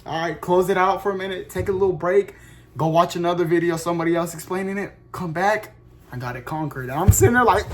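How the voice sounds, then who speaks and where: A young man telling a rambling story to his viewers, casual and slangy, swearing a lot, with sudden loud shouts and laughs. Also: on the high side, a little hiss or hum.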